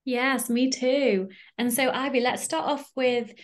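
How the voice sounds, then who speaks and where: A woman's voice: sits high, fairly even intonation, a little slow. A woman hosting a podcast and coaching, chatting casually with her guest and laughing often. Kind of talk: casual interview chat.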